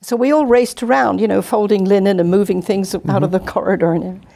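Older woman from England, guest storyteller, gravelly low dark voice. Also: a little fast. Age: 70s. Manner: chatty, animated anecdotes. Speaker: guest, retired nurse. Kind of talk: casual storytelling interview. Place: community TV studio.

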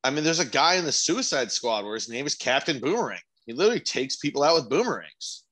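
A man's voice: medium pitch, sing-song, quick pace, a bit bright, rough recording. A man co-hosting a podcast, joking and rambling with casual swearing. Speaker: podcast co-host.

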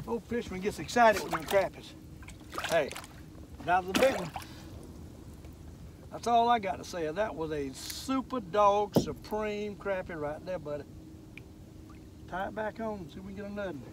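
A man's voice: high-pitched, normal speed, long pauses. Folksy older man fishing on a lake. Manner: folksy, excitable, talks straight to viewers. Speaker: fishing channel host. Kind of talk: casual fishing vlog narration. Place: outdoors on a boat on a lake. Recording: outdoor boat noise, mic at a distance.

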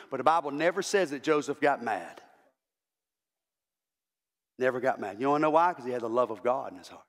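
A man's voice: mid-range voice, fast talker, big-room sound. A male pastor preaching an impassioned sermon, repeating words as he builds to emphatic calls. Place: church sanctuary.

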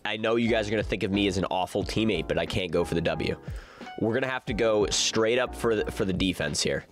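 A young man giving casual commentary on his own gameplay, excitable and rambling, often bursting into panicked shouts. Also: on the low side, fast. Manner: excitable, yells "no" in bursts, filler-heavy rambling. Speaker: gaming YouTuber. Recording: music playing behind the voice.

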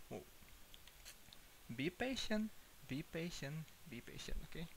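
A man's voice: fairly high pitch, sing-song, slow pace, creaky, fairly bright tone, slight background noise, low-quality recording. A man streaming a horror game, jumpy and nervous, laughing and muttering to himself.

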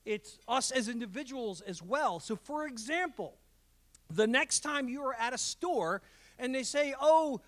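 A man giving a fast-paced, emphatic presentation talk with jokes at a community event. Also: extremely high pitch. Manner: energetic, emphatic, joking. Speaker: guest speaker. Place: college event hall.

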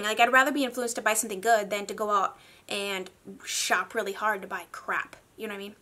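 A woman talking in a casual makeup review vlog, chatty and gushing, with animated asides. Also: medium pitch, fairly quick. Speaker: beauty vlogger.

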